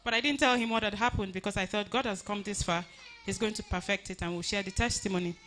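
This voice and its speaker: A woman stands at a church lectern microphone to give a tribute at a funeral. She tells her story earnestly but haltingly and often starts her sentences over, and her voice sits in a middle pitch. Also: fairly even intonation, a bit bright, a little hiss or hum. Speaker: daughter giving a funeral tribute. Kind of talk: personal tribute speech.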